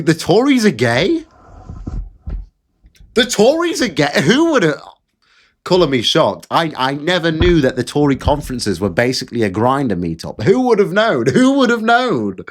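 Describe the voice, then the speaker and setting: A man giving a casual, ranting commentary, sarcastic and mocking, repeating phrases for effect. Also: medium pitch. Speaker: political commentator.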